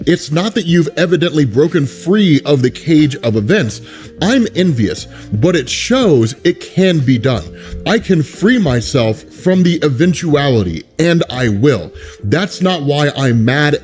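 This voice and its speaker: A menacing male symbiote god speaks slowly and deliberately, as a man reads his lines. His voice sits a bit high for a man. Faint music plays underneath. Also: darkish tone.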